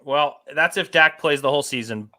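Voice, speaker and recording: Bright-voiced, agreeable male co-host. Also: a little high, moderate pace. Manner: agreeable, chimes in with short interjections. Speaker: podcast co-host. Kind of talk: casual sports chat.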